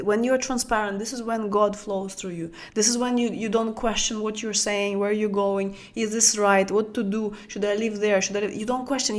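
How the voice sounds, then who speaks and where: A woman whose first language is Russian, giving an intimate teaching talk as a spiritual coach for women. She speaks softly and in a flowing way, searching for words and repeating them, and often drops to a hushed, near-whispered tone. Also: mid-range voice.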